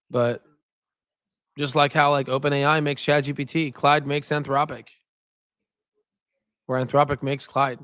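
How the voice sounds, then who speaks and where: A man hosting a stock market livestream, talking in a loose, rambling way that wanders between chart talk and viewer comments. His voice sits at a medium pitch. The recording is dry and close, with little sense of room around him. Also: fairly bright tone, no echo. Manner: repeats "right?" as a filler. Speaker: stock market channel host.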